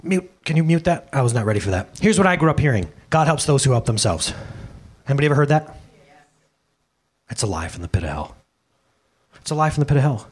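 A man in his thirties preaching a sermon as pastor, animated, swinging from loud bursts to quiet asides and acting out quoted voices, speaking into a handheld microphone. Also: medium pitch, quick pace, pauses often, breathy edge.

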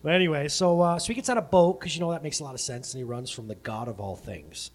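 A man's voice: a little high, fast. A man preaching a casual sermon, retelling a Bible story with jokes and playful asides and often breaking off to correct himself. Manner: self-correcting, breaks off mid-sentence.

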